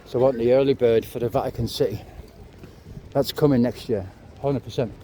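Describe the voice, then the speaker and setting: Man, 50s, walking vlogger, winded, chatty and sweary, mid-pitched, clip-on mic with street noise behind. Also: steady tone, a little fast, dark tone. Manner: chatty, rambling, swears and apologizes. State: out of breath. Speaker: travel vlogger. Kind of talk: casual walking vlog. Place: city streets outdoors. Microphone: clip-on mic to phone.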